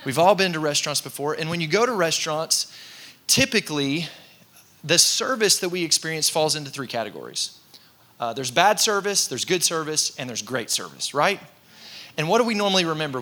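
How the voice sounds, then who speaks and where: Bright-voiced man preaching with humor. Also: on the high side, very animated, brisk. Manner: conversational, self-deprecating storytelling with laughs. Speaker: pastor. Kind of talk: sermon with personal stories. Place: church in front of a congregation.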